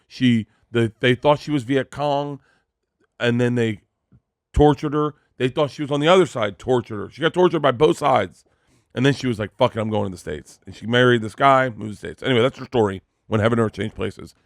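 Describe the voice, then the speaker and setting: A man spins a comic story on a podcast, rambling and animated, with plenty of swearing. His voice sits at an ordinary middle pitch. The sound is dry and close, with almost no room in it. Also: a little fast, no echo. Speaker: podcast host. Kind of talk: casual comedic storytelling.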